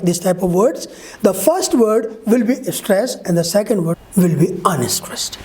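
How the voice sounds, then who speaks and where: Mellow-voiced woman teaching a lesson. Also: mid-range voice, animated. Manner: slow, step-by-step explanation with many pauses. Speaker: English teacher. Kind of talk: explaining a lesson to viewers.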